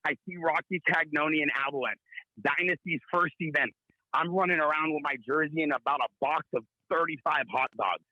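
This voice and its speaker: A man in his thirties from Southern California, calling in as a guest and telling boastful comic stories with brash, rapid-fire bravado. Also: on the high side, pushed and bright, no room sound, highs cut off. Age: 30s. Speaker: call-in guest.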